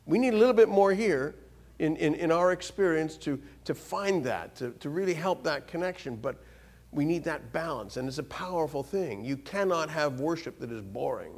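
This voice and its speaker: Speaking at a moderate pace, a guest preacher delivers a lively church sermon. Sudden climbs in pitch and volume punctuate his delivery, along with frequent repeated and restarted words.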